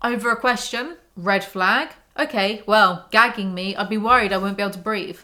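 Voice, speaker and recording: A woman's voice: mid-range voice, normal speed, few pauses, sharp tone. A woman reading a book aloud and mocking it in sarcastic, exasperated commentary. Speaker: YouTuber.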